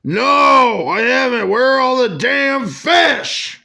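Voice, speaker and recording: A man's voice: extremely high pitch, animated, takes it slowly, vocal fry, pushed and bright, pitched above the performer's own voice, full character voice. A man voicing a grumpy young fishing buddy in a comic who grumbles and swears. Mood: grumbling.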